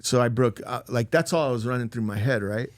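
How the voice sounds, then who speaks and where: A man's voice: mid-range voice, brisk, no echo. A middle-aged man, a podcast guest, telling a personal story in a casual, rambling way full of "like" and with emotional swings.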